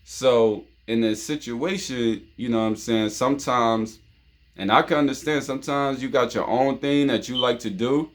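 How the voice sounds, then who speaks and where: A man from New York hosts a casual monologue of relationship advice. His voice is mid-pitched, and he keeps looping back with "you know what I'm saying" and repeated phrases, the way friends talk. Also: normal speed. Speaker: show host.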